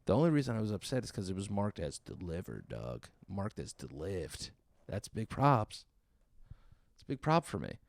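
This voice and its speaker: A man's voice: low voice, very animated, moderate pace, vocal fry, a little mellow, no echo, studio quality. A man telling a stand-up story in a sarcastic, exasperated way, acting out the people in it. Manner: exasperated, sarcastic retelling with acted-out quotes.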